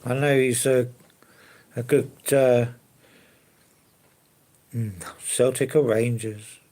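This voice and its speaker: A man's voice: medium pitch, steady tone, takes it slowly, darkish tone. A man chatting casually on a live stream, answering viewers in an easygoing, rambling way. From London. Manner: easygoing, rambling, fillers and hedges like to be honest.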